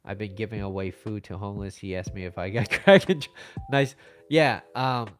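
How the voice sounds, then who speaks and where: A man's voice: on the low side, normal speed. A young man from the United States chatting casually on his livestream, rambling through stories and reading out viewer comments. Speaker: livestream host.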